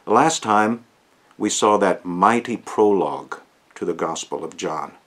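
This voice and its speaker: Man, low voice, Bible teaching, earnest, emphatic, slows on key words. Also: expressive, a bit bright. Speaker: pastor.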